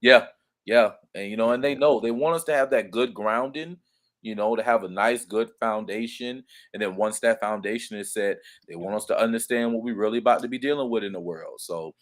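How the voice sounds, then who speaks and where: A man's voice: lowish voice, fairly quick. A man, calling in to chat in a laid-back, slangy way. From Georgia. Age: 30s. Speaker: guest caller. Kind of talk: casual chat.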